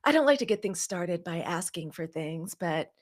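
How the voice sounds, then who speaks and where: A woman's voice: fairly low pitch, animated, normal speed. A woman in her fifties from Mississippi, hosting a live stream in a casual, effusive way and greeting viewers often. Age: 50s. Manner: warm, effusive greetings to viewers, lots of "y'all". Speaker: livestream host. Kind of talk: casual livestream chat. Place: home setup.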